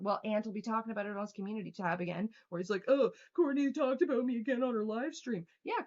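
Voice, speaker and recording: A young woman rants at her livestream chat, heated and sarcastic, swearing constantly. Her voice sits in a middle register. The stream audio is slightly dull and lo-fi. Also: mid-range voice. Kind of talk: angry livestream rant reading chat.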